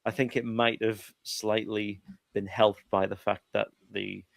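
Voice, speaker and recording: A man's voice: fairly low pitch, little pitch movement, measured pace, vocal fry, no room sound. A man on a podcast telling a rambling film story full of fillers and little laughs. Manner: chatty, filler-heavy, giggly. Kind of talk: casual chat.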